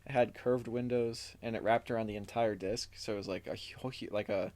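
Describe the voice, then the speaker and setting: A brisk male co-host with a lowish, slightly mellow voice and fairly even intonation tells a podcast story. His chat is loose and full of fillers as he goes through notes, recapping and reading quotes.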